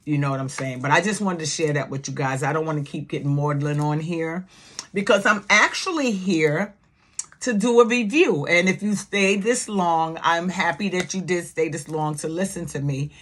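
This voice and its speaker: A middle-aged woman talks straight to her viewers in a casual vlog. She is loud and blunt and swears freely. Grief over a loss shows at times in her voice. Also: low voice, normal speed. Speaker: YouTube reality-TV commentator.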